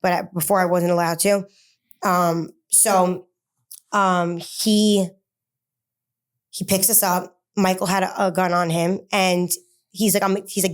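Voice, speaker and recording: A woman, an interview guest, recounting a personal story in a halting way, with many fillers and restarts and rushed bursts of words. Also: lowish voice, little pitch movement.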